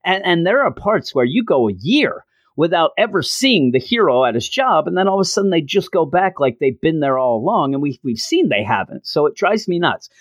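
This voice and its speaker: A man's voice: a little high, big pitch swings, a little fast, no room sound, clean studio sound. A middle-aged man casually reviewing a comic book, enthusiastic and rambling with frequent restarts.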